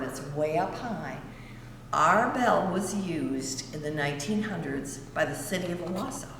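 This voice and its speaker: Lady showing little kids around a big church, talks slow, lots of hall echo, a bit off mic. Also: lowish voice, slight background noise. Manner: slow, friendly teacher-like questions to kids. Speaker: church guide for a school field trip. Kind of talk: virtual tour for young children. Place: large church sanctuary. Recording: echoey church hall, from afar.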